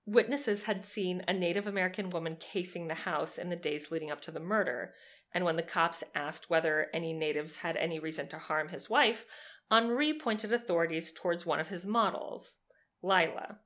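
A young woman co-hosting a podcast, telling a true crime story in a lively, sarcastic way and swearing freely. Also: on the low side, moderate pace. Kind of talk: casual storytelling chat.

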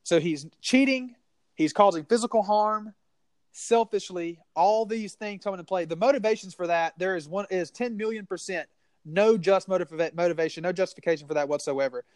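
A man's voice: sits high, fairly quick, no echo. A man with a Southern US accent co-hosting a casual sports podcast, rambling and heated with many restarts.

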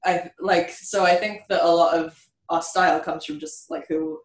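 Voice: mid-range voice, steady tone, normal speed. A band member who writes songs, talking casually in an interview with lots of "like"s. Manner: loose, filler-heavy talk with many "like"s. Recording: echoey room, distant mic.

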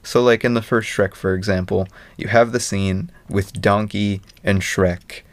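A man with a fairly low voice talks through a film in a loose, rambling way, acting out bits of scenes as he goes. The sound is dry and close, with no room around it. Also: dry recording. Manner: rambling, animated retelling with quick mimicry. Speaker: podcast co-host. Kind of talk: casual movie review chat.

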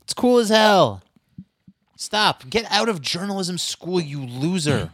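A man co-hosting a casual podcast, giving animated, profane opinions and advice. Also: high-pitched, takes it slowly, dry recording, clean studio sound. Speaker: podcast co-host.

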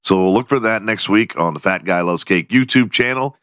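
Low-voiced profane man ranting. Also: normal speed, fairly bright tone, no echo, clean studio sound. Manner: profane, rambling, jokey. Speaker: podcast host. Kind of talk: casual solo podcast rant.

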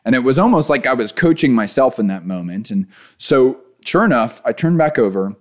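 A man recounts a personal story in a relaxed, conversational way. His voice sits in an ordinary middle range but swings widely, rising when he is excited and settling low and quiet when calm. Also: a little fast. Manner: animated, voice rising as he relives panic, then calm and low. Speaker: endurance athlete telling a race story. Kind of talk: casual storytelling.

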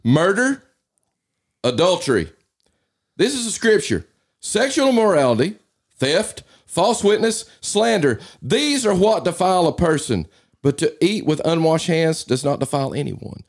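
A man's voice: a little high, very animated, a little slow. A man, a pastor, talking fervently in a casual discussion, rising into emphatic preaching.

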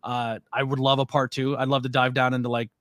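A man's voice: mid-range voice, level tone, brisk, fairly bright tone, no echo, studio quality. A man hosting a podcast, chatting casually with a guest and telling stories with a laugh. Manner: laughing, storytelling with quoted voices. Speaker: podcast host. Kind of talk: casual interview chat.

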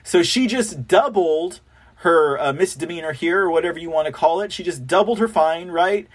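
Male show host, high voice, scornful and mocking commentary. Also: normal speed. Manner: scornful, mocking, repeats words. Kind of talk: opinionated commentary.

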